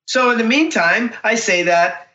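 A man telling a personal story in an animated, intense way. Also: sits high, a little slow. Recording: roomy, distant, dull recording.

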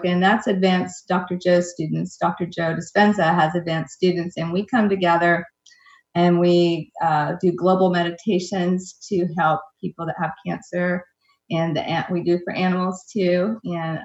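Woman guest, low-ish voice, gushing and warm, echoey dull remote audio. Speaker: guest, meditation group leader. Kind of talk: casual chat.

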